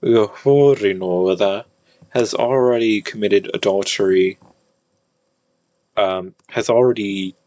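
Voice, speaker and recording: Slow, hesitant man teaching an old language. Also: on the low side, vocal fry, no echo. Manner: hesitant, thinking aloud with many fillers and restarts; reads old-language text slowly, word by word. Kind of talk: casual screen-share lesson.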